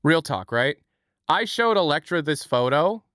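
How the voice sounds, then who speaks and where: A man's voice: a little slow, no echo. A man hosting a live stream in casual chat, thanking viewers and swearing freely. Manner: animated, swings pitch, thanks viewers, swears. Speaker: livestream host.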